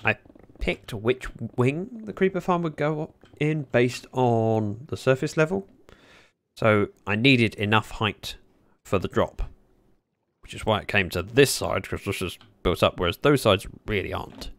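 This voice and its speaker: A man chatting casually at his desk while livestreaming a game, speaking into a desk microphone, with sudden excited yelps. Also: mid-range voice, a little slow. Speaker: gaming livestreamer. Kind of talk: casual commentary while playing.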